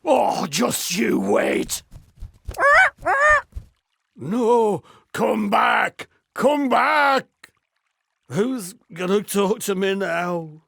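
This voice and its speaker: A man's voice: high voice, very slow, creaky, pauses often, no echo, full character voice. A man voicing a pompous, short-tempered heavyset man in a video game, blustering and indignant.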